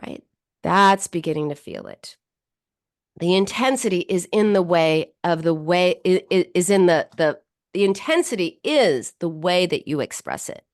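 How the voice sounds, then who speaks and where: A woman psychotherapist hosts a talk podcast and walks through a client's story in plain explanatory speech. Her pitch rises and falls in a lively way, and she often restarts her sentences. The recording is close and dry. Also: a little slow, no echo. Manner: explanatory, warm-paced storytelling with frequent "you know" and restarts.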